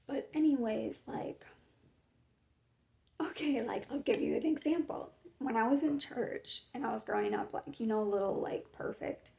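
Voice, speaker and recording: A young woman talks through her own story in a loose, meandering testimony, leaning on "like" and "you know" at every turn. Her voice sits a bit high but sounds dark and mellow, with a gravelly fry running through it. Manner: rambling, filler-heavy, lots of "like". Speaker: hairstylist sharing her faith story. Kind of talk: casual personal testimony.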